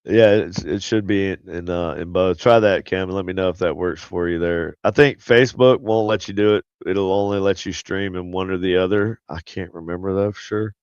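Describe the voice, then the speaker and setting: A man's voice: low voice, fairly even intonation, normal speed, few pauses, darkish tone, clear, resonant tone, dry recording, dull audio. A man hosting a casual live stream, with a nasal voice from plugged sinuses, rambling and chatty as he reads viewer comments aloud. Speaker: show host.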